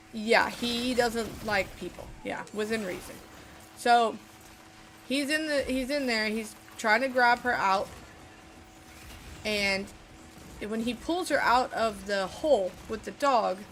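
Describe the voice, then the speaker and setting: A woman's voice: mid-range voice, a bit bright. A woman streamer telling a story in a rambling, casual way while she plays a game, swearing often. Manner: rambling, lots of fillers and swearing. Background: music.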